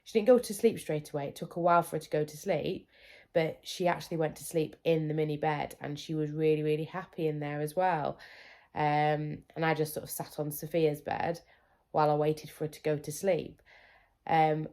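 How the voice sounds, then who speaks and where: A woman's voice: deep voice, fairly even intonation, moderate pace, mellow. A woman in her thirties chatting candidly to camera about her children's sleep, often acting out what they said. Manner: chatty, candid, acts out her kids' voices. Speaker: parenting vlogger. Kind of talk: casual chat to camera.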